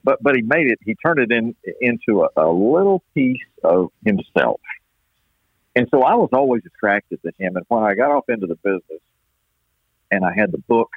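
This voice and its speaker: Guest announcer, male, from East Texas: low voice, rambling folksy storyteller, heard on a dry phone call. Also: very animated, dry recording. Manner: folksy, unhurried storyteller with many restarts. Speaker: baseball play-by-play announcer, guest. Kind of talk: storytelling interview chat. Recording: dry tinny phone-line sound.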